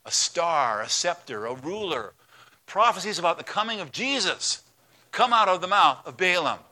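A man's voice: high-pitched, very animated, moderate pace, sharp tone. A man preaching a sermon as a pastor, telling a story and acting out its voices.

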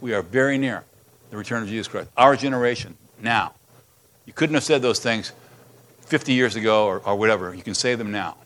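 A man's voice: lowish voice, brisk, a bit bright. A man preaching a sermon as pastor, reading scripture aloud with passion and emphasis.

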